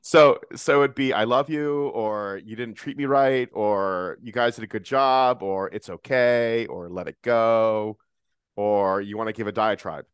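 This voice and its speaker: A woman hosts a relaxed family podcast and muses aloud between her guests' stories. Her voice is strikingly deep for a woman. The recording is dry and close. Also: unhurried, few pauses, smooth, no room sound. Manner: musing, reactive. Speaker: host. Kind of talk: casual podcast chat.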